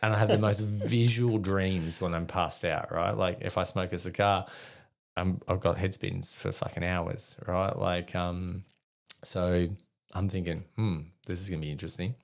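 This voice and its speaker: A middle-aged Australian army veteran, appearing as a podcast guest, tells a story conversationally, swearing freely and using lots of fillers. His voice is low and flat, with vocal fry and a measured pace.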